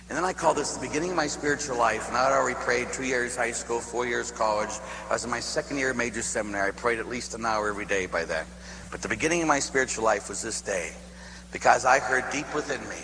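A man from Pittsburgh, a priest, preaching a sermon as a lively storyteller who acts out voices and laughs at his own tale. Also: fairly high pitch, brisk. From Pittsburgh, USA. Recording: echoey hall with faint hum.

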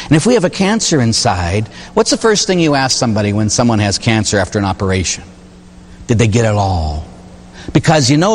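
A man's voice: mid-range voice, slight background noise. A man who is a Catholic priest, preaching a sermon in a church with jokes and rhetorical questions. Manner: animated, joking, full of rhetorical questions. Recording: long reverb of a large hall.

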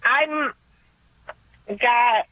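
A woman caller talks slowly and hesitantly and sounds upset. Her high voice comes through a dry, tinny phone line. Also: no echo.

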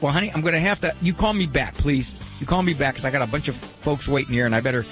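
A middle-aged man hosting a call-in advice show, lecturing emphatically with a gravelly voice. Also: a little high, fairly bright tone, faint music behind. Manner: emphatic, lecturing, breaks into quick mock quotes. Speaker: radio advice host.

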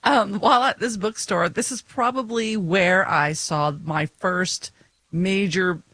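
A woman's voice: mid-range voice, takes it slowly, fairly bright tone, dry recording. A woman co-hosting a podcast, chatting casually and telling stories with frequent laughs. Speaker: podcast co-host. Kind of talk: casual chat.

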